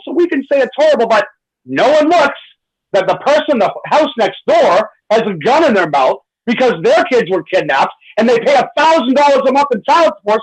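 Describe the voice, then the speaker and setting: Animated husky-voiced male radio host. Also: sits high, low-quality recording. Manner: animated, acts out quoted voices. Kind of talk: impassioned talk radio monologue.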